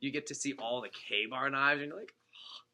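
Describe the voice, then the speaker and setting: Speaking to his sales team as district manager, this man gives a motivational talk in a meeting room with an audience present. His voice is mid-range and his pace moderate. He brings his stories to life, acting out quotes and joking.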